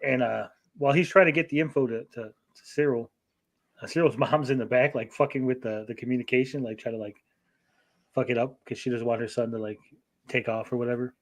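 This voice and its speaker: Guy on a podcast rambling thru an episode recap, swears a lot, does little voices for everyone, normal middle pitch. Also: steady tone. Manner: profane, rambling, acts out characters in quick asides. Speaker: podcast co-host.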